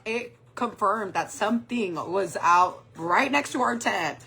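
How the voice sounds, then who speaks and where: A woman's voice: fairly high pitch, animated, measured pace, gravelly, hardly any pauses, a bit bright, slightly rough, rough recording. Chatty woman in her forties, swearing freely. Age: 40s. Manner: chatty, swears a lot, laughs often. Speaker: makeup vlogger. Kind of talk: casual storytime while doing makeup on a livestream.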